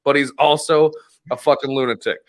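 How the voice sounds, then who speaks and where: A man's voice: mid-range voice, fairly even intonation, brisk. A man hosting a podcast, telling a long, profane story in casual chat, laughing often and rambling with restarts. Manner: rambling, profane, laughs a lot, acts out quoted voices. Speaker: podcast host.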